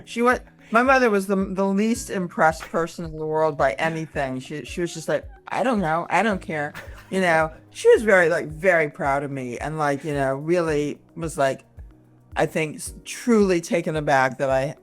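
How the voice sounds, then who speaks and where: A woman in her sixties, from Michigan, talking as a comedian guest in a casual interview, animated and full of quick asides and restarts. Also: low-pitched, soft background music. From Michigan, USA. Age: 60s.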